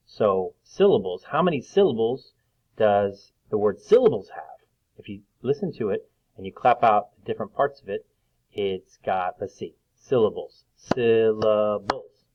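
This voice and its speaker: A man's voice: fairly low pitch, breathy edge, highs cut off. A man teaching a recorded reading lesson to young children, patient and sing-song as he claps out syllables.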